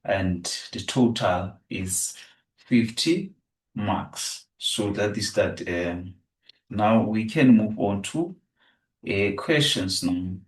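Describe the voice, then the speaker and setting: Male teacher for revision lesson, measured and slow, low voice, heard from a distance in a reverberant room. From South Africa. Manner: repetitive, restates each answer. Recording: echoey room, distant from the mic.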